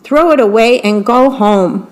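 A flock of scornful robins from a storybook, jeering in high, taunting voices, as a woman puts them on. The lines come slowly and with clear scorn. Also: a little mellow, close to an everyday voice, low-quality recording. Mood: mocking.

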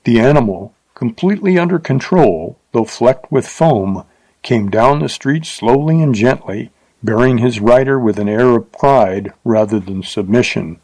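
A man narrating a story in a steady, measured way, at a middle pitch. The sound is close and dry, with no room around it. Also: dry recording, rough recording. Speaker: audiobook narrator.

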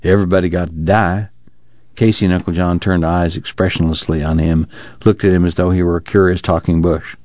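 A man narrating a novel in a steady, measured reading, on a dull lo-fi recording. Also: sits low, dry recording. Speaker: audiobook narrator. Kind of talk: scripted narration.

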